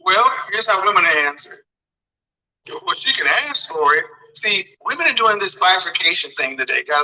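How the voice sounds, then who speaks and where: A man's voice: sits high, sharp tone, distant mic, low-quality recording. A man lecturing viewers on dating in emphatic commentary, often repeating his phrases for effect.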